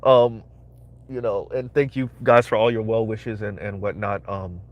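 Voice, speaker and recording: A man's voice: on the low side, flat delivery, unhurried, highs cut off. A man hosting a live-streamed commentary, talking emphatically, repeating his phrases and asking "right?" again and again. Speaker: commentary channel host.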